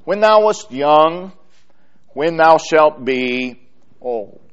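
A man preaching a sermon, reading scripture aloud with slow, deliberate pauses and emphatic repetition. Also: a little high, animated, clear, resonant tone. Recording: dull lo-fi sermon recording.

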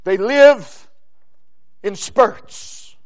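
A man preaching a sermon, emphatic, swinging between loud exclamations and quiet low phrases. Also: drawn-out words.

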